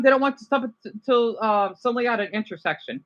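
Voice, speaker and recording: A man chatting casually on a live stream, reacting to viewer comments in a rambling, animated way. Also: extremely high pitch, fast, few pauses, rough recording. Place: home room, keeping voice down.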